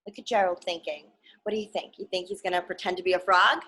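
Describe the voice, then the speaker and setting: A young adult woman hosting a children's story reading, animated and speaking directly to the kids. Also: on the low side, quick pace, slightly rough, low-quality recording. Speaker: sports arena host reading to children.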